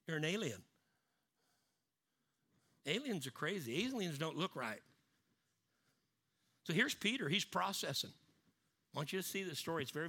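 A male preacher delivers a sermon in a bright, forceful, slightly high voice. He swings between loud, emphatic bursts and low, hushed asides to drive his points home. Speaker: pastor.

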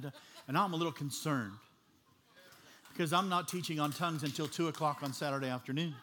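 A man's voice: fairly high pitch, steady tone, fairly quick, fairly bright tone. Humorous storytelling preacher, a man. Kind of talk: storytelling sermon.

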